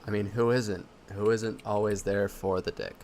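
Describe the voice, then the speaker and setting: A man's voice: on the low side, fairly even intonation, moderate pace, darkish tone, slight background noise. A man co-hosting a podcast in easygoing casual chat, often restarting his sentences and laughing along. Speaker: podcast co-host.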